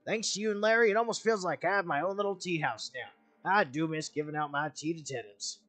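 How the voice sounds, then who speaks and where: A man doing a genial landlord with a folksy Western drawl, courteous and a little old-fashioned in how he talks. The voice sits a touch high for a man, and faint music plays underneath. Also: a little fast, fairly bright tone, dry recording, natural voice. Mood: polite. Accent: put-on American Western.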